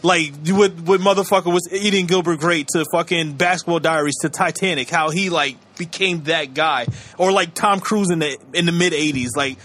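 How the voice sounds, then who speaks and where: A man's voice: on the high side, normal speed, hardly any pauses, a bit bright. A man co-hosting a podcast, rambling in casual slangy chat and laughing often. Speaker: podcast co-host.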